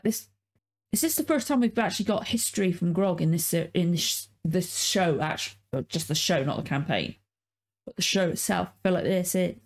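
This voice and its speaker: A woman's voice: on the low side, a little mellow. Woman gushing over a cartoon. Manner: effusive, swears a lot, emotional. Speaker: reaction video host. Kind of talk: casual reaction commentary.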